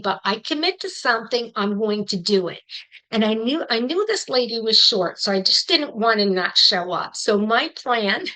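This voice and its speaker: A middle-aged woman tells her story to a listening audience at a quick, lively clip. Her voice sits a touch high and rings bright and forward, and she gives each turn of the tale plenty of expression. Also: low-quality recording. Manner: fast-talking. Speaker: psychic medium giving a talk.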